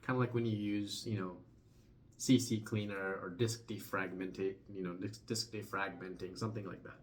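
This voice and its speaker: A young man explaining a topic in a casual vlog, conversational, often trailing off softly at the end of phrases and restarting words. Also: low-pitched, steady tone, normal speed. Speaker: vlogger.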